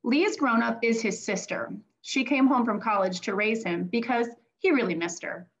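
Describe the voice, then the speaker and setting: Speaking at a moderate pace in a slightly high voice, a woman who once taught and now writes children's books reads her picture book aloud the way a teacher would. The audio is dull and lo-fi.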